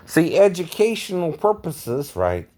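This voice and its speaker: A man's voice: a little high, big pitch swings, a little slow, mellow. A man who works as an impersonator talks casually to his viewers, keeps adding "right?" and chuckles often. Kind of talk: casual vlog monologue.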